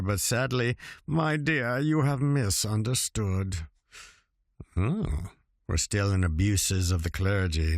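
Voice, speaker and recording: Male reader, slow unhurried delivery, wry chuckling asides, dry close home recording. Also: low-pitched, darkish tone, dry recording. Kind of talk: reading limericks aloud with asides. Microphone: home recording setup.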